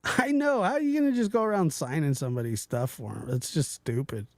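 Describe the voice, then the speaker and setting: A man hosting a casual livestream, talking to his chat in a rambling, animated way, often stopping and restarting. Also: fairly high pitch, fairly quick, no echo. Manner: animated, rambling, self-interrupting, mimics voices in quotes. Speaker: livestream host reading chat.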